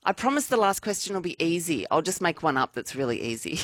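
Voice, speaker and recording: An Australian woman runs a radio quiz with a bouncy, lively voice that swings up and down. She chats and giggles easily. The sound is close and dry, as from a studio mic. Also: on the low side, a little fast, few pauses, no room sound. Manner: chatty, giggly, playful. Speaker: radio host. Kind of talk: live radio quiz chat. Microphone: studio microphone.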